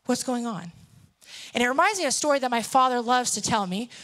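A woman's voice: on the high side, lively intonation, fairly quick, a bit bright. A woman in her thirties preaching a sermon, telling stories and acting out the characters. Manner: storytelling, acts out characters.

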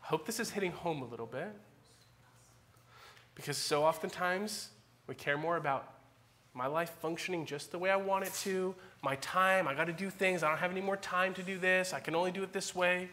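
A man in his forties, a pastor preaching a church sermon with animated, dramatic emphasis that swings between loud peaks and quiet asides. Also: high voice, brisk.

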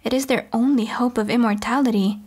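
A woman reading a novel aloud as an audiobook, in measured first-person storytelling. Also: a little high, fairly even intonation, a little mellow, husky. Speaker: audiobook reader. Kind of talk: audiobook narration.

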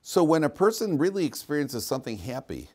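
A man's voice: fairly high pitch, big pitch swings, a little fast, a little mellow. A man teaching a class as a rabbi, talking informally, questioning students and cracking jokes, with frequent restarts.

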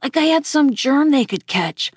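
A woman reading a novel aloud in an unhurried, even storytelling manner. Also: sits high, no room sound, clean studio sound. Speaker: reader.

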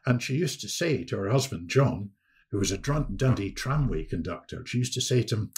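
Gravelly man telling a story. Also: on the low side, brisk. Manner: lively anecdotal storyteller, frequent restarts. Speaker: historian guest. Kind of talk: storytelling in a podcast interview.

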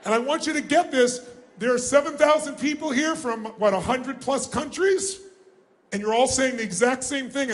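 Male motivational speaker, very high-pitched, energetic and commanding, working a large hall crowd. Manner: energetic, commanding, calls for audience responses. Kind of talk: live seminar instructing a large audience. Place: large hall before seven thousand people.

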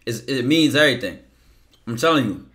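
A man in casual motivational talk, blunt, profane and slangy, acting out his inner voice in quick asides. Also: medium pitch, lively intonation, a bit bright. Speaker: podcast guest.

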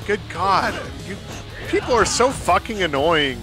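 A man's voice: high voice, very animated, unhurried. A man commentating a video game play-through, frustrated and swearing constantly, while sick. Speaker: gaming streamer. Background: game music.

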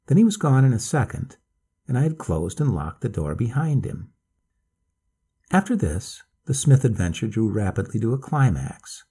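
A man reading a ghost story aloud, with measured, expressive narration. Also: mid-range voice, breathy edge. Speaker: audiobook narrator.

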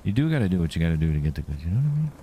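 Man, streamer, crude jokes, swooping delivery, low voice, faint noise. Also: racing. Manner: crude, joking, animated, reads game dialogue aloud mockingly. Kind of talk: casual gameplay commentary.

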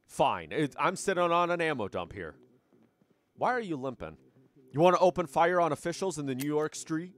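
Man putting on an indignant radio judge. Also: fairly high pitch. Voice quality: mock mix of southern and British accent. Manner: preachy, indignant. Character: blustering male radio talk-show judge.

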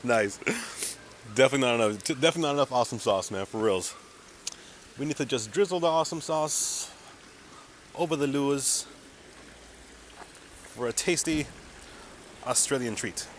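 A man's voice: medium pitch, bright, forceful tone, a little hiss or hum. A young man live-streaming a mobile game outdoors on a city street, chatting to viewers in a hyped, slangy way and calling everyone dude and man.

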